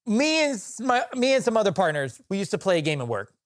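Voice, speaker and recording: A man co-hosting a podcast, telling stories in casual chat, animated and laughing often, with frequent restarts. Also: high-pitched, quick pace. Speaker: podcast co-host. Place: podcast recording room.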